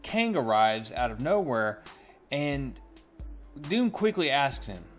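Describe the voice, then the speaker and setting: A male comic book reviewer casually walks through a plot in a chatty, storytelling way. His voice sits at an ordinary middle pitch, and faint music plays quietly behind him. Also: sing-song, slow.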